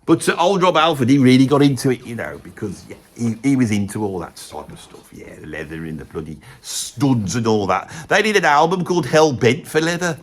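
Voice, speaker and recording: A man's voice: medium pitch, lively intonation, fairly quick, few pauses, slight background noise, lightly acted. A man playing a rambling, gossipy middle-aged Birmingham bloke and ex-roadie, with a Birmingham accent, swearing mildly and wandering off topic. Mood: chatty boastful. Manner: rambling, peppered with "bloody", chummy asides. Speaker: comedy character ranking bands. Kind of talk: rambling comic monologue to camera.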